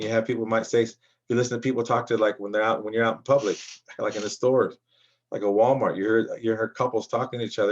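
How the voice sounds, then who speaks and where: Muffled audio carries a man's lowish voice as he coaches on business credit. His motivational talk rambles, full of restarts and repetition.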